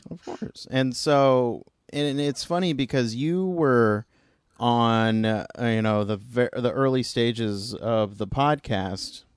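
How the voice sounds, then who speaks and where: A Canadian man hosts a casual podcast chat with a smooth, resonant voice. He speaks in an easygoing, self-deprecating way, often restarting his sentences. The recording is close and dry. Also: medium pitch, slow, no echo. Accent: Canadian English. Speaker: podcast host.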